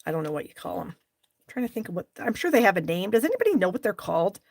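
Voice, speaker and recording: A woman's voice: fairly low pitch, very animated, very fast, creaky, husky, no echo, clean studio sound. Woman, middle-aged, live crafting demo host, chatty, talks to viewers, self-deprecating about mistakes. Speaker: stamping class host.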